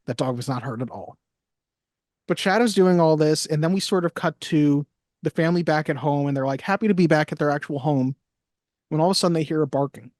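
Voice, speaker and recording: Animated, swearing podcast co-host. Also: medium pitch, a little fast, dry recording, studio quality. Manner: animated recapping, frequent swearing. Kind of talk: casual chat.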